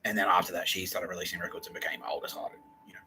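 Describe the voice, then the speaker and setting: Profane rambling man with a bright voice. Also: deep voice, level tone, very fast, a little hiss or hum, low-quality recording. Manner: profane, swings between loud outbursts and muttering. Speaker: podcast host. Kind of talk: rambling monologue.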